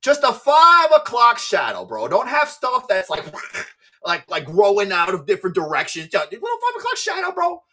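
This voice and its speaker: A man hosting a casual livestream, joking crudely, laughing often and repeating words in quick bursts. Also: sits high, huge pitch swings, sharp tone. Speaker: livestream seller host.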